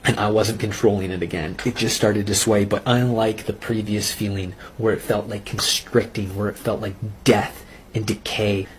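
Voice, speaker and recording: A man telling his personal faith testimony in an earnest, intense way, pausing and restarting as he recounts it. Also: lowish voice, fairly even intonation, slight background noise. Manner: earnest, intense storytelling with halting pauses. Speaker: testimony speaker.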